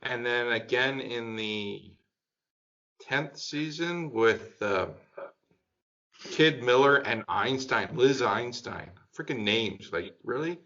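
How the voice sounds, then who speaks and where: A man talking in a relaxed group chat, thinking out loud with plenty of "um" and "like". He gets enthusiastic as he goes. The sound is dull and lo-fi. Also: mid-range voice, slow pace. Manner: enthusiastic, rambling with fillers. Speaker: podcast panelist.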